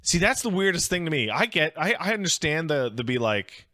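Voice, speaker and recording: A man hosting a casual reaction show, swearing freely, laughing loudly and rambling in asides. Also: on the high side, lively intonation, a little fast, hardly any pauses, no echo, studio quality. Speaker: host reacting to videos.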